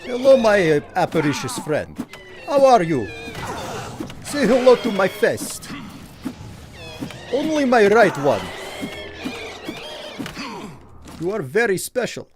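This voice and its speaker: A man's voice: sits high, sing-song, unhurried, long pauses, music in the background, pitched above the performer's own voice. A man voicing a boastful male brawler in a put-on Russian accent, speaking with grandiose, mock-polite menace. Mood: mock-friendly. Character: boastful male brawler who punches ghosts.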